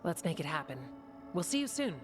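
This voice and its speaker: A calm, practical woman warden speaks matter-of-factly. Her voice sits a little low. Faint game music plays behind her. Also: a little fast. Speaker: warden ally character. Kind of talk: video game voice acting.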